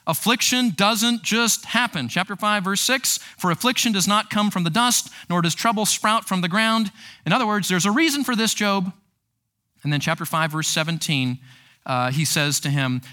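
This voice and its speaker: A man teaching a Bible book to future counselors, reading verses aloud and asking rhetorical questions. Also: a little high. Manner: animated, reads scripture aloud and asks rhetorical questions. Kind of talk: teaching sermon.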